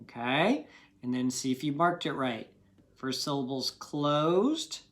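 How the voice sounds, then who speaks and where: A man leads young students through a recorded phonics lesson at an unhurried, deliberate pace. His voice sits in an ordinary middle pitch. He stays patient and encouraging and breaks each word into its sounds. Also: sing-song, fairly bright tone. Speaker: teacher.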